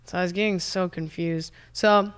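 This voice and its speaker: A laid-back woman from San Diego chatting as a podcast guest. Her voice is lowish and smooth, and she tells stories loosely, cursing freely and laughing along the way. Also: steady tone, moderate pace. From San Diego, USA. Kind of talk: casual chat.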